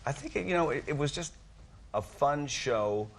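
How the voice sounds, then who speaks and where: A man, a chat-show guest telling lively anecdotes and acting out scenes. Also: fairly high pitch, normal speed, creaky. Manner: animated storyteller, acting out scenes, laughing. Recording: studio audience and noise. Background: studio audience.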